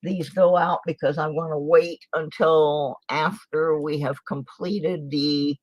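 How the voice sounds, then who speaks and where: A woman's voice: low-pitched, steady tone, slow pace, no echo, low-quality recording. An older woman hosting a casual livestream, chatting and muttering asides to herself at her desk while she sorts coins. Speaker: channel host, coin roll hunter. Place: home desk in a small town.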